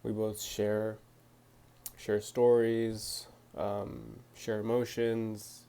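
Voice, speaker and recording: A man's voice: on the low side, fairly even intonation, extremely slow, vocal fry, warm tone, clean tone. A young man answering viewer questions to his phone camera, talking hesitantly with lots of fillers and restarts. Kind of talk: casual talk to camera.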